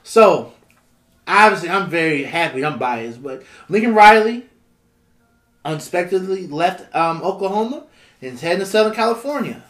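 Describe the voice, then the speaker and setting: High-voiced young man, halting podcast host. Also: lively intonation, a bit bright. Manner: leads topics, halting with frequent ums and repeats. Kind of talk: casual chat. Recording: roomy echo.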